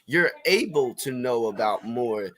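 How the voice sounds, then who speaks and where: A man with a mid-pitched voice calmly walks through his reasoning in a casual sports debate. He lays out each point in an even, lecturing way. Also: unhurried. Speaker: podcast co-host.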